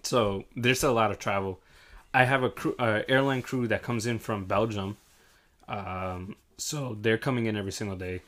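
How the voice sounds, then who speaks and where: A young man telling a lively story in casual chat, acting out the people in it and swearing freely. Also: lowish voice, moderate pace. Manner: animated, acts out quoted voices, swears freely. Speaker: hotel front desk worker.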